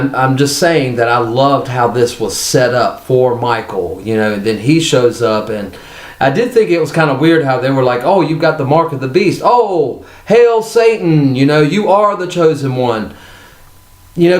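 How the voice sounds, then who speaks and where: A man's voice: medium pitch, echoey room. A man hosting his own TV review channel, talking in a casual, rambling and enthusiastic way with frequent restarts.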